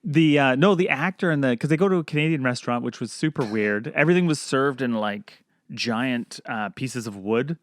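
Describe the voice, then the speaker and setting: A man's voice: mid-range voice, moderate pace, no echo. A man co-hosting a casual movie podcast, acting out lines from the film as he talks. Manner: animated, acts out movie lines with laughs. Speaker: podcast co-host. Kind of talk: casual movie review chat.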